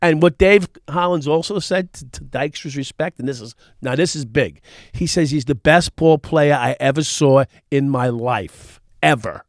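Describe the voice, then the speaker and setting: Profane New storyteller with gravelly voice. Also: male voice, on the high side, normal speed, few pauses, no room sound, clean studio sound. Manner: profane, animated storyteller acting out quotes. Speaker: podcast host. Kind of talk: casual storytelling chat.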